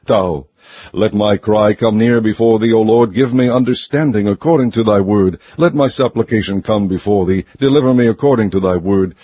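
A man reading scripture aloud in a measured, even, solemn recitation. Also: fairly low pitch, breathy edge, dry recording. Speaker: scripture reader. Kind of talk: steady scripted Bible reading. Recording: muffled lo-fi recording.

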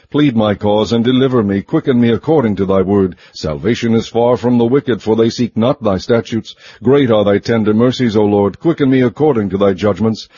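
Low, mellow man reading scripture. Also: breathy edge, no echo. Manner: measured, even, solemn recitation. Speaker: scripture reader. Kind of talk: steady scripted Bible reading. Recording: muffled lo-fi recording.

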